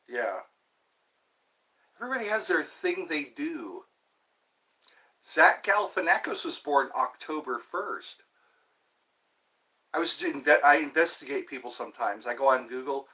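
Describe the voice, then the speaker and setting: A man's voice: on the high side, animated, measured pace, pauses often, pushed and bright. A man in his fifties rambling through a solo livestream, talking to himself and jumping from one topic to the next. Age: 50s. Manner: rambling, talks to himself, jumps between topics. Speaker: livestream host.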